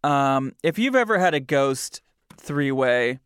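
Male podcast host, bright-ish voice with lots of lift and fall, smooth and crisp, dry sound, amused and chatty. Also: medium pitch, expressive, moderate pace, dry recording. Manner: chatty, amused, trails off into asides. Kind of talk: casual chat, reading the news aloud.

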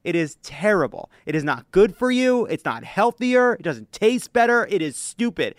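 A man's voice: high-pitched, very animated, moderate pace, few pauses, no room sound, studio quality. A man co-hosting a podcast, joking and ranting emphatically in casual banter. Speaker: podcast co-host.

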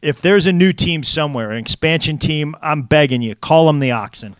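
A man co-hosts a word podcast in relaxed chat. His voice sits fairly high, and he teases his partner in a dry, joking way. The sound is close and dead, with no room. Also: brisk, no echo. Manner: dry, teasing, grades jokes. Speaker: podcast co-host. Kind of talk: casual chat.

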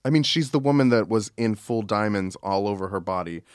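A man guesting on a comedy podcast, chatty and quick to laugh, with quiet deadpan asides. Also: fairly low pitch, smooth, dry recording, studio quality. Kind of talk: casual comedic chat.

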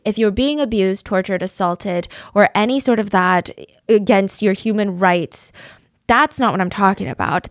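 A woman's voice: mid-range voice, no echo, studio quality. A woman hosting true-crime commentary, opinionated and exasperated. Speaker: commentary host.

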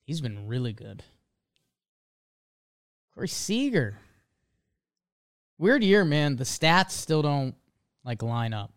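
A man's voice: fairly high pitch, big pitch swings, slow, long pauses, clean tone. A man co-hosting a casual sports podcast, talking in a laid-back, dry way with lots of fillers. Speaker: podcast co-host.

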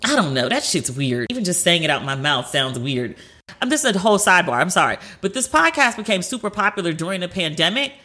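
Female podcast host, bright voice, animated and chatty, casual storytelling. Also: on the low side, quick pace. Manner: animated storytelling with frequent fillers and acted-out quotes. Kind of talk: casual chat.

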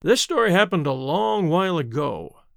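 A witty, idle young gentleman read by a man in a near-natural voice, easy and drily amused as he settles in to spin a tale. The tone is gravelly and close, with lively rises and falls. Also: a little high, moderate pace, dry recording.

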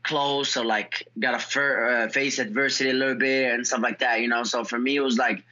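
Excitable young man on a lo-fi line. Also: mid-range voice, a little fast. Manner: excitable storyteller, many fillers and restarts. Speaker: fighter, guest. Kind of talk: casual interview.

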